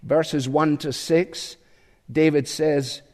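Man, preacher, sermon, slow deliberate delivery, reflective, echoing hall. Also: mid-range voice, a little mellow. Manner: measured and reflective, pausing often with fillers. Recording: long hall reverb.

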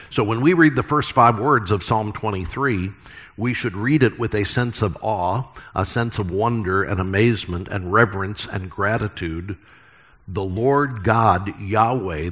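A middle-aged man preaching a sermon as pastor, earnest and emphatic with deliberate pauses. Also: lowish voice, a bit bright.

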